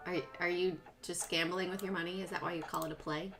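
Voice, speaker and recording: A woman's voice: fairly low pitch, fairly even intonation, quick pace, gravelly, a bit bright. A woman hosting a live stock trading stream, chatting casually and playfully with viewers while she works through her charts. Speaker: livestream stock trading host. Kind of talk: casual live market commentary. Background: music.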